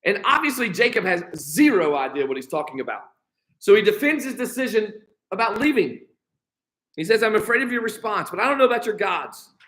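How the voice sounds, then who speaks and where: An American pastor with a bright, high-pitched voice leads a midweek Bible study. He reads passages aloud, then slips into loose modern paraphrase to explain them. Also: big pitch swings, fairly quick, rough recording. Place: church.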